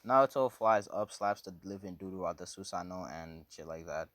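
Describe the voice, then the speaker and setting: A man's voice: sits low, fairly quick, fairly bright tone, dry recording. Rambling, slangy man telling a fan story. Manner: rambling and slangy, with lots of fillers.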